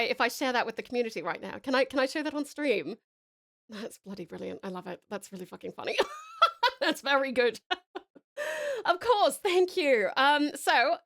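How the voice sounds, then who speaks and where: An Australian woman from Tasmania with a high, bright voice chats with her viewers on a live stream. She is bubbly and excitable, breaking into giggles as she talks. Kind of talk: casual live-stream chat.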